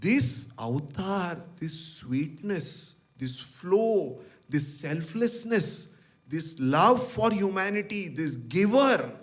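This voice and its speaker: Guy telling old stories at a devotional gathering, kinda high voice, gets animated. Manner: animated storyteller, acts out quoted dialogue. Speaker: speaker sharing memories at a devotional gathering. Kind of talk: storytelling talk.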